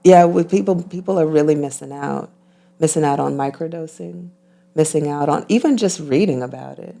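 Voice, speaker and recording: A woman speaking as a guest healer in an interview, calm and measured, repeating phrases for emphasis. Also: low voice, vocal fry. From United States. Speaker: guest, intuitive healer and physician. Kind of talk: reflective interview talk.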